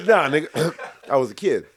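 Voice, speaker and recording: A man's voice: on the high side, very animated, slow. A young man co-hosting a podcast, telling a long story in casual chat, acting out quotes and laughing often. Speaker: podcast co-host.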